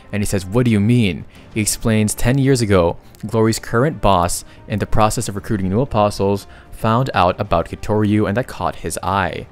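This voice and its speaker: A young man casually narrating a comic recap, chatty and excitable, with slangy asides to viewers. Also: lowish voice.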